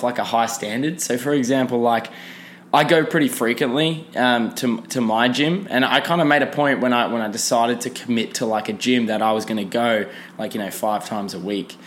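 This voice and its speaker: A man's voice: mid-range voice, moderate pace, slight background noise. A young man, rambling casually through a solo podcast with lots of fillers and restarts. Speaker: podcast host.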